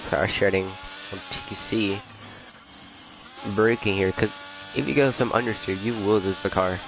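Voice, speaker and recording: A man's voice: fairly low pitch, moderate pace. A man casually commentating a sim racing league stream, rambling and easygoing with muttered asides. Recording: faint background noise.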